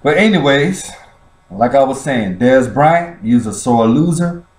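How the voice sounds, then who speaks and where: A man's voice: mid-range voice, lively intonation, unhurried, recorded from a distance. A man drawls out a mocking football rant, his voice swooping widely up and down. The room around him is echoey. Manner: teasing, theatrical fake sobbing and laughing. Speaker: vlogger reacting to a sports clip.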